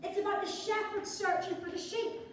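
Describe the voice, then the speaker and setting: Woman preacher, high voice, chatty sermon with jokes; distant mic, very echoey church. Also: steady tone, normal speed, slight background noise. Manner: conversational with playful asides. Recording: echoey church hall from far off.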